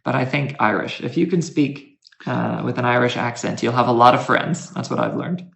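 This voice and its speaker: American guy guest lecturer, laid-back chatty talk, gravelly, bit of room echo. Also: mid-range voice, fairly even intonation, fairly bright tone. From United States. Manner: easygoing, chatty, slow and thoughtful. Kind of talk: casual conversational talk.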